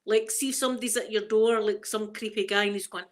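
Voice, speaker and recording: Middle-aged Scottish woman, rambling storyteller, casual live chat host, mid-pitched, easy laughter. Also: steady tone, fast. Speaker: livestream host.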